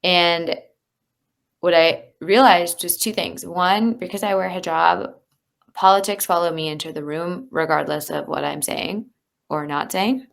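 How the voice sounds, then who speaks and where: A woman's voice: fairly low pitch, unhurried, vocal fry. A woman, a leadership coach, talking candidly and earnestly as an interview guest, with many fillers. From United States. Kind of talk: conversational interview.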